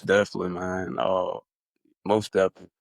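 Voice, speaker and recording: A man's voice: sits low, level tone, brisk, gravelly, no room sound. A man hosting a podcast interview, asking loose conversational questions with many fillers. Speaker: podcast host.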